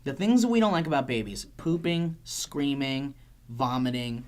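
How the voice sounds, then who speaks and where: A man co-hosting a casual panel chat, blunt and quick to swear, steering the talk. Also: mid-range voice, lively intonation, darkish tone. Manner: blunt, swears freely, takes charge of the talk. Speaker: co-host.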